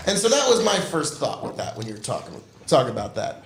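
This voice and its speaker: Podcast co-host, male, high and animated voice, profane heated ranter, echoey room. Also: a little fast, gravelly, few pauses. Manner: heated, swearing, loud outbursts. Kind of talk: profane ranting podcast chat.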